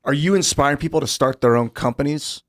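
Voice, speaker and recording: A man's voice: on the high side, fast talker. A man co-hosting a podcast who asks the guest brief questions.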